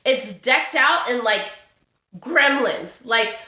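A woman's voice: fairly high pitch, slow pace, echoey room. A young adult woman host telling personal stories in a chatty way, acting out quotes and laughing often. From Sacramento area, California. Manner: animated, acts out quotes, says y'all, laughs often. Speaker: podcast host.

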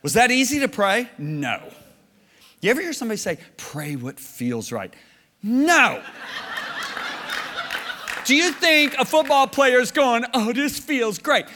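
A man preaching a sermon, telling stories and swinging from low, hushed lines to loud shouted bursts. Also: big-room sound.

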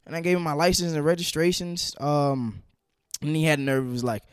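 A man in his twenties hosting a solo podcast, talking in a conversational, slangy way that climbs sharply in pitch when he gets heated. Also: steady tone, fairly quick, smooth, no echo, clean studio sound. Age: 20s. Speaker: podcast host.

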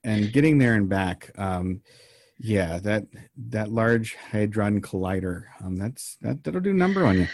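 A man co-hosting a podcast, telling an odd story in a casual, meandering way with deadpan jokes. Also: on the low side, a little slow. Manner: deadpan joking, meandering with frequent ums.

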